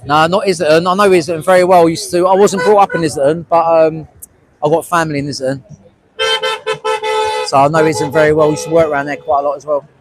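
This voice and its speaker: A North London man with a London accent, talking straight to his viewers during an outdoor protest stream. His banter is blunt and sweary, full of "mate" and quick asides, and his voice sits slightly higher than most men's. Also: steady tone, low-quality recording. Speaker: livestreamer. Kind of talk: live street stream, chatting to viewers.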